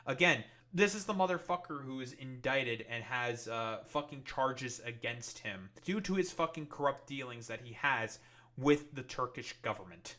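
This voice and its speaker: A man's voice: mid-range voice, animated, moderate pace, sharp tone. A man giving angry, profane reaction commentary on political clips, full of fillers and curses. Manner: angry, swearing, many fillers. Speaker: political streamer.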